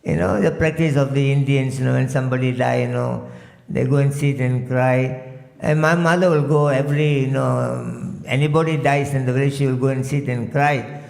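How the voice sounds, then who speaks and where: A man's voice: mid-range voice, steady tone, moderate pace, gravelly, a little mellow. Malaysian-raised man preaching in an echoey temple. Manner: frequent "you know" fillers, chants verses in a singsong. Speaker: swami giving a temple lecture. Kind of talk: storytelling sermon. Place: temple hall.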